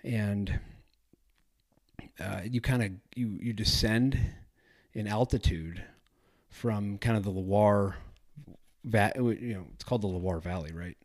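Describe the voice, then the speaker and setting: A man's voice: fairly low pitch, slow pace, a little mellow. A man hosting a travel podcast, chatting casually in a rambling, self-correcting way. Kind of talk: casual solo podcast talk.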